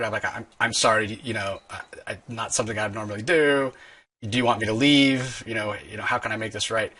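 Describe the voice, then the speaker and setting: A man's voice: lowish voice, fast talker, slightly rough. A man hosting a podcast, telling a long, rambling story in casual chat. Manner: rambling, animated storyteller with restarts. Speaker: podcast host.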